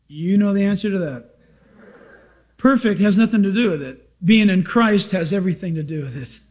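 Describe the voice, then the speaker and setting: A man preaching a sermon as a pastor, emphatic and repetitive, asking rhetorical questions and sounding excited and over-caffeinated. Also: sits high.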